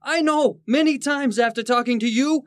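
An actor playing an exasperated, sarcastic boss in a 1940s radio sitcom, with a blustering delivery. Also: male voice, very high voice, normal speed, no room sound, clean studio sound. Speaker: law office boss.

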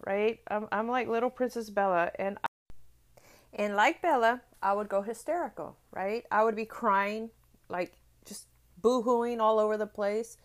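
A woman's voice: medium pitch, fairly even intonation, unhurried. A middle-aged woman giving an earnest motivational talk. She repeats phrases for emphasis and often checks in with "right?". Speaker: motivational speaker.

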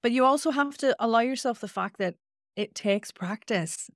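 A woman with a Northern Irish accent and a nasal twang, a voice coach explaining things in an interview with lively demonstrations. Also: a little high, moderate pace, no echo, clean studio sound. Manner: animated, demonstrates with sung-out sounds.

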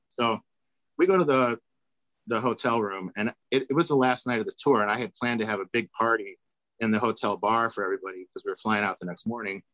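A man's voice: medium pitch, a bit bright, no room sound, rough recording. Man telling a rambling tour story. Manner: rambling, acts out quoted voices. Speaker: tour manager guest. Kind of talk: casual storytelling.

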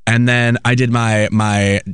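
Man from New York City, halting casual storyteller, dry close sound. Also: mid-range voice, level tone, fairly bright tone, clean tone, no echo. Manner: halting storyteller, many ums and restarts. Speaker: podcast co-host.

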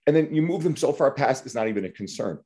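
A man's voice: medium pitch, expressive, fast, a little mellow. A man hosting a podcast, talking bluntly and animatedly about coaching, swearing freely. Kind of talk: casual podcast conversation.

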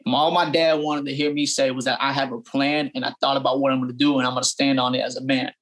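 A man's voice: medium pitch, little pitch movement, fast, a bit bright. A young adult man, a barber, telling his story in an interview, earnest and full of fillers and restarts. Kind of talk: casual storytelling interview answer.

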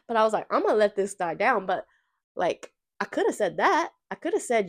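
A woman's voice: medium pitch, normal speed, long pauses. A woman hosting a podcast, telling a workplace story in a casual rant. She is sassy and profane, and she acts out the people she quotes. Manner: lively storytelling with acted-out quotes. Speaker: podcast host. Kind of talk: casual ranting monologue.

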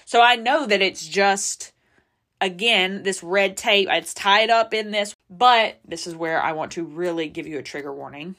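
A woman's voice: medium pitch, measured pace, fairly bright tone. A woman, hosting a podcast and speaking candidly and emotionally about personal struggles, close to tears at times. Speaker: podcast host. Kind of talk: personal confessional podcast talk.

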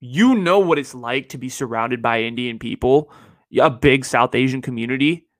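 A man's voice: mid-range voice, moderate pace, dry recording, clean studio sound. A young man from the Bay Area hosting a podcast in a loose, rambling monologue, repeating himself and filling gaps with "like" and "you know.". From San Francisco Bay Area. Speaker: podcast host. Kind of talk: casual one-sided podcast monologue.

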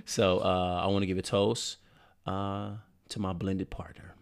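A man's voice: low voice, level tone, unhurried, vocal fry, clean tone. A young man co-hosting a podcast, chatting in a laid-back, rambling way and laughing often. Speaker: podcast co-host. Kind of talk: casual chat.

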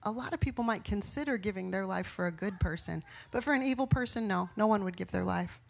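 A middle-aged woman preaching a sermon, asking her listeners questions and swinging from soft, slow lines to loud ones. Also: medium pitch, vocal fry. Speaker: pastor.

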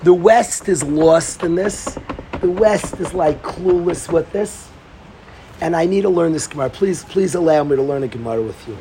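Middle-aged guy giving a torah talk, fired up, keeps restarting lines, fairly high voice. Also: moderate pace, a little hiss or hum. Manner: excitable, repeats himself, restarts sentences. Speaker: Torah teacher. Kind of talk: informal Torah talk to a group.

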